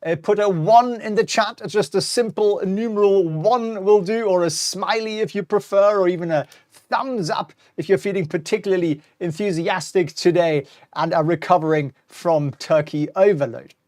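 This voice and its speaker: A man's voice: high voice, normal speed, darkish tone, no room sound, clean studio sound. A middle-aged man hosting a live-streamed stock market talk, chatty and wry, reading out viewer comments as he goes. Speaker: host.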